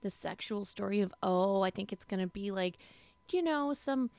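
A woman's voice: mid-range voice, animated, normal speed, vocal fry, darkish tone, no room sound. A woman co-hosting a film podcast, talking casually and rambling with plenty of fillers. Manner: chatty, rambling, lots of fillers. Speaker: podcast co-host.

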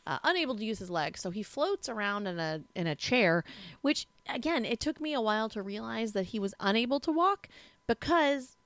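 A woman co-hosting a podcast in casual chat, talking in an expressive, chatty way with frequent restarts. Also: a little high, normal speed. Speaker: podcast co-host.

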